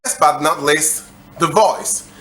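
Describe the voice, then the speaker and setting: A young man hosting a comedic music tutorial, explaining every step in a slow, deadpan way. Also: on the high side.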